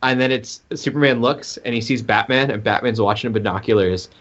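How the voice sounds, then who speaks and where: A man's voice: medium pitch, fairly quick, a bit bright, lo-fi sound. A man chatting casually on a podcast and telling a story in a rambling way, full of "like" and "um". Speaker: podcast co-host. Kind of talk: casual chat.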